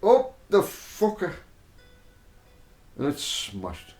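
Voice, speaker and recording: A man telling a rambling story in a repetitive, drawn-out way, swearing freely. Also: fairly high pitch, wildly swooping pitch, a little mellow. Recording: roomy echo, faint music.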